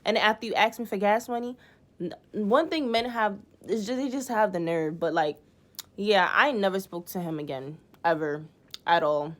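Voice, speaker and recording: A young woman telling a storytime to camera in a casual, animated way, swearing freely and acting out quotes with exasperation. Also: mid-range voice, normal speed. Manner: animated, profane, exasperated retelling with acted-out quotes.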